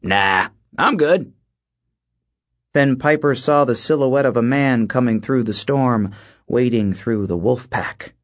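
A man reads an audiobook as scripted narration, using a steady, measured storytelling voice in the mid range.

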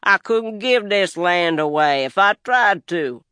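A self-pitying white farm boss in his thirties, as a male storyteller puts him on. He whines and sulks about his lot, a drinker feeling sorry for himself. The voice sits a little high and comes across smooth and dry. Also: animated, a little slow, bright, forceful tone, no room sound, heavily acted. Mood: bitter. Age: 30s.

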